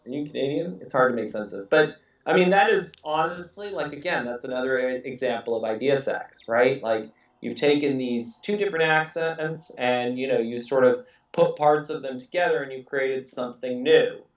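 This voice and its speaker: A man's voice: medium pitch, moderate pace. A man who grew up in England, hosting a casual podcast conversation, talking in a rambling way with many fillers, restarts and frequent laughs. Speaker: podcast host. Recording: echoey room, distant mic, dull audio.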